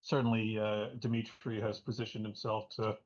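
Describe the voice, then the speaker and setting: A man's voice: lowish voice, level tone, darkish tone. Male commentator, thoughtful, filler-heavy, muffled stream sound. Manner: halting, filler-heavy, analytical. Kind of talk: live game commentary. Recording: dull lo-fi stream audio.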